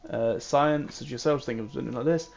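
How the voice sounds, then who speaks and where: A man's voice: mid-range voice, brisk, gravelly, darkish tone, lo-fi sound. A man in casual game commentary, musing aloud and muttering to himself as he plays. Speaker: gamer.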